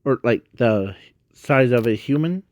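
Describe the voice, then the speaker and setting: A man improvising a fan story in a rambling, halting way, often stopping to correct himself. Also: medium pitch, lively intonation, a little mellow, no room sound.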